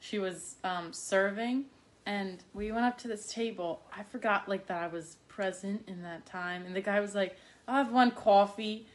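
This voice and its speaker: A woman's voice: mid-range voice, fairly even intonation, normal speed. A young adult woman in casual conversation, rambling and filling her sentences with "like". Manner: rambling, full of fillers like "like". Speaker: daughter and co-host. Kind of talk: casual chat.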